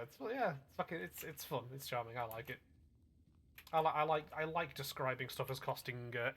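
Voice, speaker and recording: A gaming streamer from Northwest England chats casually about his gameplay in a medium-pitched, bright, forceful voice, with slight background noise. He explains things through rambling asides heavy with filler.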